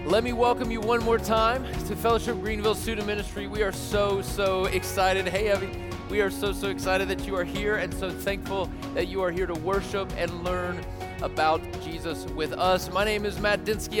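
A man preaching as a youth ministry pastor, eager and lively, rallying a young crowd in a church. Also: sits high, moderate pace, in a large hall, over loud music. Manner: enthusiastic, calls to the crowd, repeat-after-me. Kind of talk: energetic youth sermon.

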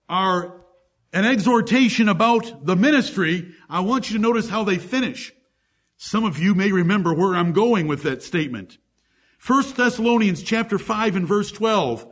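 Husky-voiced man preaching a sermon. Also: high voice. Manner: preaching, reading scripture aloud with emphasis. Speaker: pastor.

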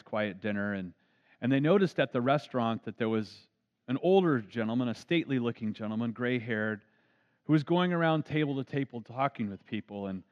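A man, a pastor, preaching an earnest storytelling sermon. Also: mid-range voice. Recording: dull lo-fi recording.

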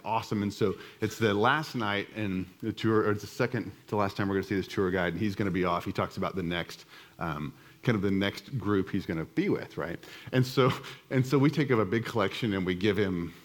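A middle-aged man giving a conversational church teaching, telling a self-deprecating personal story with many restarts. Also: on the low side.

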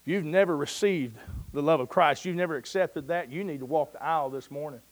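A man preaching a sermon, telling a story in a folksy, conversational way and dropping to a soft hush at the moving points. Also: on the high side, brisk.

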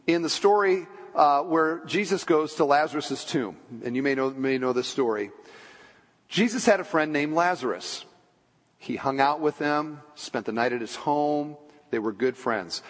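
A male pastor with a fairly high, slightly husky voice preaches to his congregation. He talks in a conversational way, poses questions, slips in playful asides, and sinks into a hushed tone for the weighty parts. His words ring out with the long reverb of a church sanctuary. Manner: drops low and quiet for solemn points. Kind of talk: sermon.

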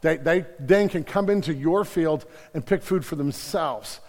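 A man's voice: a little high, unhurried. Preacher man in an echoing hall. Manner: animated preaching with repeated restarts. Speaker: pastor. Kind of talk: sermon. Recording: long hall reverb.

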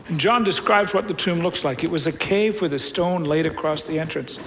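High-voiced man preaching a sermon. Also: normal speed, slight background noise, low-quality recording. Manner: conversational storytelling preacher, shifts between loud emphasis and quiet. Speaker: pastor.

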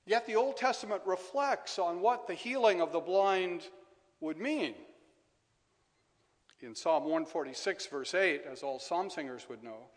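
A male preacher delivering a measured sermon in a church, letting key phrases fall soft and repeating them for emphasis. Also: high-pitched, lively intonation. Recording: long reverb of a large hall.

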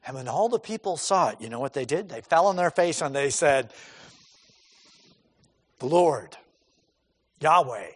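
A male pastor delivering a sermon with emphatic, rhetorical questions and repeated words for stress. His voice is high and very lively in pitch, and it rings with the long reverb of a big hall.

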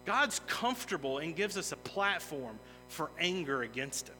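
A man's voice: a little high, sing-song, moderate pace, few pauses, pushed and bright. A man preaching a sermon as a pastor, earnest and emphatic, building intensity in places. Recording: long reverb of a large hall with music.

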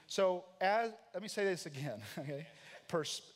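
Preaching in a church sanctuary where his voice rings with long reverb, a high-pitched American pastor speaks a little slowly with lively intonation. His sermon is emphatic and dramatic, and he performs the lines of the characters in his stories.

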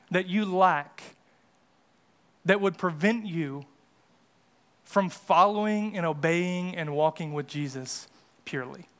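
Pastor, male, higher-pitched voice, earnest sermon delivery that builds for emphasis. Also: fairly bright tone. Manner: earnest preaching, rises in pitch and volume for emphasis.

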